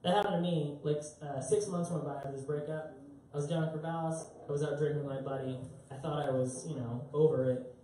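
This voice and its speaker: A young man performs stand-up in a club, rambling and poking fun at himself with plenty of filler words. His voice is mellow and dark. The sound is very echoey and picked up from some distance, with faint room noise behind. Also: a little high, fairly even intonation, fairly quick. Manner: rambling, self-mocking storytelling with many fillers. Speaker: stand-up comedian. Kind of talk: live stand-up comedy. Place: concert club stage.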